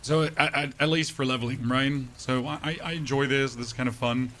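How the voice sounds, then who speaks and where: A man's voice: medium pitch, steady tone, fairly quick, sharp tone. A man giving casual, opinionated commentary on a game, blunt and candid, often restarting his sentences. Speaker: gaming streamer.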